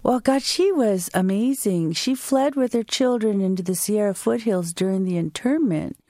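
Her voice sits at medium pitch, captured in clean studio sound without any room noise. The American woman answers interview questions and tells a vivid personal story, slowly and expressively, acting out what people said.

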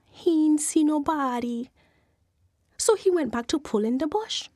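A woman storyteller, telling a folk tale with lively, dramatic pacing. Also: sits high, measured pace, no echo, clean studio sound. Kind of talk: animated oral folk storytelling.

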